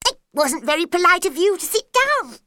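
A woman voicing a cheeky, excitable male March Hare in a storybook reading, loud and squeaky. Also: normal speed, exaggerated voice.

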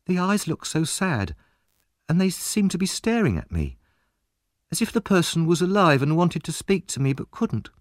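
A man's voice: a little high, sing-song, moderate pace, dry recording, clean studio sound, pitched above the performer's own voice. A man doing a timid, frightened orphan boy. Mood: wistful. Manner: anxious, timid questioning.

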